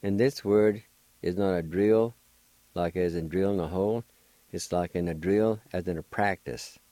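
A man's voice: sits low, moderate pace, mellow, dry recording. An older man with a Cherokee accent, hosting a radio language lesson and patiently spelling out words letter by letter. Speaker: language teacher and radio host.

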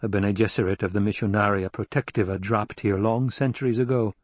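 A man narrating an audiobook in a measured, even storytelling manner. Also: fairly low pitch, no echo. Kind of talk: scripted narration.

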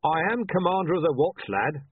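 A man voicing a blunt, irritable middle-aged watch commander who talks in a sharp, demanding way. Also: a little high, animated, moderate pace, breathy edge, dry recording, pitched above the performer's own voice. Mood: curt. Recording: tinny, dry, phone-like sound.

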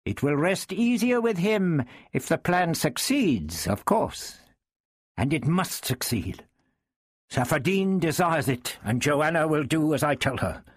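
A man's voice: fairly high pitch, sing-song, measured pace, husky, dry recording, studio quality, voice pushed up, heavily acted. A man voicing a proud medieval king who speaks in a clipped, formal, commanding way. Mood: brooding.

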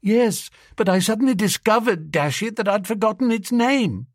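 A man voicing a vague, muddled young gentleman who talks in a flustered, stammering way. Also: sits high, expressive, moderate pace, no echo, clean studio sound, voice pushed up.

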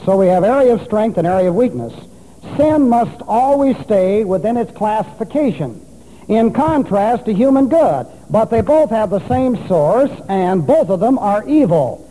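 A man's voice: high voice, sing-song, moderate pace, dark tone. A man preaching an expository sermon, spelling out Greek words letter by letter and teaching with emphasis. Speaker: pastor. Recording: long reverb of a large hall.

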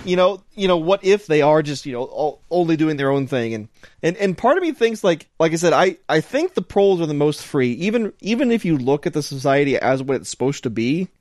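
Man co-hosting a podcast, lively swooping pitch, dry close sound, rambling jokey chat. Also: brisk, no echo. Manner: rambling, filler-heavy, jokey. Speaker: podcast co-host. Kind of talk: casual chat.

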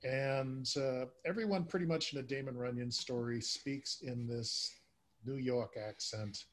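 A man hosting a podcast in a casual chat, speaking haltingly with many filler words. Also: mid-range voice. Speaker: podcast host. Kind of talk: casual chat about old-time radio.

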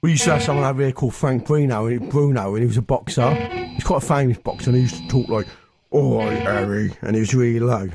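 A man's voice: mid-range voice, fast, a little mellow. Crude, rambling man over guitar music. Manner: rambling, crude, laughing, jokey. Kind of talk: casual chat over music. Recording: music playing clearly behind.

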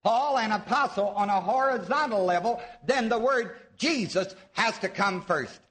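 A man's voice: sits high, lively intonation, moderate pace, a bit bright. A man preaching a sermon, teaching his audience, asking them questions and drawing out the words he wants to stress. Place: church before a live audience.

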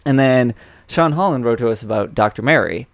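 A man's voice: medium pitch, animated, fairly quick, creaky. A man co-hosting a podcast in casual chat, reading listener emails aloud and rambling with fillers and restarts. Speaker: podcast co-host.

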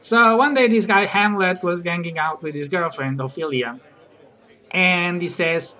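High, bright-voiced stand-up comedian man. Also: a little slow. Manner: chatty, teases the audience, giggles at his own jokes.

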